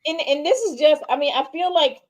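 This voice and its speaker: A woman's voice: high voice, brisk, darkish tone. A woman co-hosting a casual movie review chat online, emphatic and opinionated, acting out her own reactions. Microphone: streamed online call.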